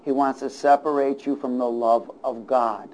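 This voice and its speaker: A male pastor preaching a sermon, throwing call-and-response asides to his congregation and chuckling between points as he moves from hushed remarks to loud declarations. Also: mid-range voice, flat delivery, normal speed, slight background noise, rough recording.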